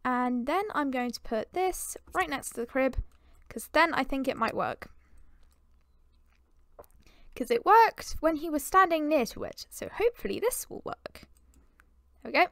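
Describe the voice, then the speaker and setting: A woman's voice: high voice, lively intonation, measured pace, pauses often, fairly bright tone. A British woman giving chatty, rambling commentary on her life-sim game and talking to the characters. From Britain. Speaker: gameplay commentator.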